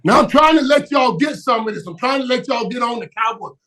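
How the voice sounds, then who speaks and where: Emphatic high-voiced man talking sports. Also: animated, fairly quick. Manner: emphatic, repeats words, shouts for emphasis, laughs often. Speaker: guest. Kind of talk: animated sports talk.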